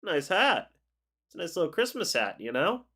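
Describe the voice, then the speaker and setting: A man's voice: on the high side, very animated, normal speed, sharp tone. A young man with a congested voice, hosting a sports livestream in a laid-back, chatty way and reading out viewer comments. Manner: laid-back, chatty, reads out chat messages. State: congested after flu. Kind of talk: casual live chat reacting to viewer comments.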